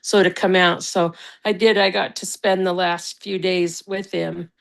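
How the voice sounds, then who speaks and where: Woman, podcast host, gravelly, lowish voice, halting casual talk. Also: flat delivery. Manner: halting, with restarts and fillers. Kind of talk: casual conversation.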